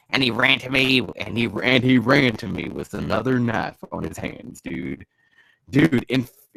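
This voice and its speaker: A man reading bad fanfiction aloud for comedy, sarcastic and swearing, breaking off into loud bursts of disbelief. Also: on the low side, no room sound, poor audio. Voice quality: gravelly.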